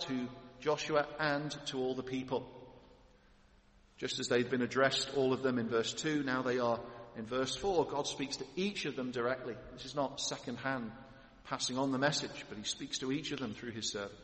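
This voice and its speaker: A man's voice: mid-range voice, fairly bright tone. A man preaching an expository sermon in a church, building to emphatic lists of titles. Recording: echoey hall with long reverb.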